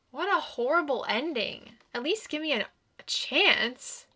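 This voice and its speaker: A woman's voice: high-pitched, expressive, unhurried, pushed and bright. A woman commenting on her visual novel playthrough, exasperated and exclaiming often. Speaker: let's play gamer.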